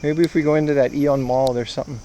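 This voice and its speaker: A young livestream host walks through town streets, chatting casually and jokingly with his viewers in a wry, rambling way. His mid-range voice is mellow and fairly even in intonation but quick in pace, over a faint hiss or hum.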